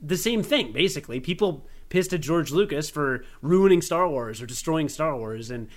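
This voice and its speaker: A man's voice: fairly high pitch, expressive, moderate pace. A young American man co-hosting a casual podcast, rambling with self-deprecating asides and many restarts. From United States. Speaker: podcast co-host. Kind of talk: casual chat.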